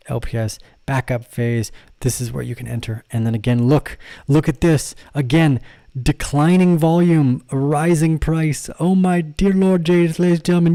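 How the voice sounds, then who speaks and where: A man with a mellow, dark-toned voice talks through trading charts in a casual livestream, bursting into excited exclamations and gushing praise for his viewers. The sound is close and dry, with no room around it. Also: medium pitch, gravelly, no room sound. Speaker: crypto trading channel host.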